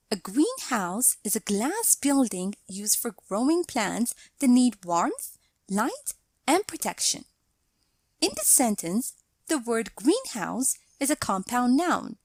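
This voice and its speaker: Woman grammar teacher for a scripted lesson, slow and measured, bright-ish higher voice, dry close sound. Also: no room sound. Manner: measured, explanatory delivery reading out example sentences.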